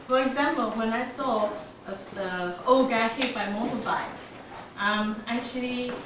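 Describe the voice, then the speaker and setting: Woman in her 40s, club storyteller; higher voice, lively and laughing, noisy recording. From Taiwan. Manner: laughs often, lively telling with small grammar slips. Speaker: club speaker. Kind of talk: prepared storytelling speech. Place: meeting room. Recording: echoey room from far off, noisy.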